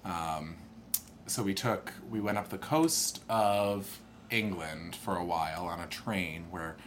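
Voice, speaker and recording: A young man telling a long personal story in casual chat, animated and jumping into higher voices when he quotes people. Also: slow pace, a little hiss or hum.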